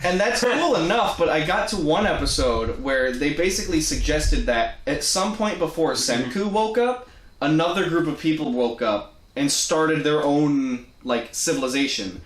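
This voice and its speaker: Chatty young man with a higher voice. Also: animated, moderate pace. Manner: chatty, explaining anime plots. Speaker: podcast co-host. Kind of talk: casual chat. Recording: echoey room.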